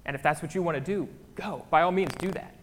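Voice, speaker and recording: A man's voice: fairly high pitch, fast talker, slight background noise. A man preaching a casual, conversational sermon in a church, often checking in with his listeners. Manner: chatty, keeps checking in with the crowd. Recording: long hall reverb.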